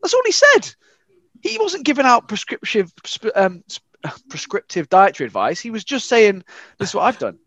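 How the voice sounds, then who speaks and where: A British man in a casual podcast chat, ranting and swearing in an animated way. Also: high-pitched, fairly quick, dry recording.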